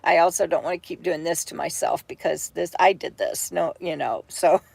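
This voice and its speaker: A tired, brain-foggy woman, chatting on a home livestream from bed, halting and full of fillers and restarts as she reads viewer comments. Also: fairly low pitch, fairly even intonation, vocal fry, darkish tone, husky, no room sound. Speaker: vlogger hosting a livestream. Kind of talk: rambling livestream chat.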